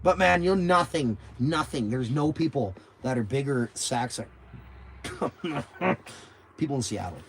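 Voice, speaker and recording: A young man, rambling through stories on a livestream and loudly acting out what people said, swearing freely. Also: mid-range voice, expressive, a little slow, slight background noise. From Canada. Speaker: livestream host. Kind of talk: casual livestream chat.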